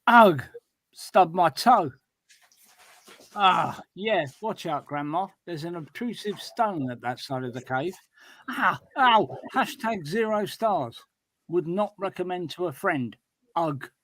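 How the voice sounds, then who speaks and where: A man's voice: sits high, expressive, slow, a bit bright, dry recording, voice pushed up, heavily acted. A man voicing a groaning, complaining cave dweller, sore and worn out after a heavy night, with a raised, strained voice. Close and dry, with no room around it. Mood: grumbling. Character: grumbling cave-dwelling traveller, sore and hungover.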